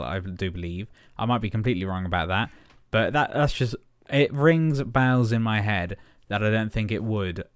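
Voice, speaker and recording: Young man, slightly low pitch, dry close sound, rambling game commentary. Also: dry recording. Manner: rambling, self-deprecating, many fillers and chuckles. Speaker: gaming channel host. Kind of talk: casual Minecraft building commentary.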